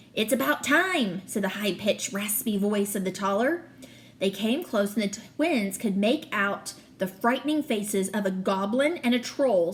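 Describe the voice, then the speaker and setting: A woman, a teacher, reading a children's novel aloud with steady, expressive storytelling. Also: mid-range voice.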